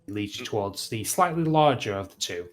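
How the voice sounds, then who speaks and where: A man narrating as game master in a tabletop game, relaxed with many fillers. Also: lowish voice, fairly quick, soft background music.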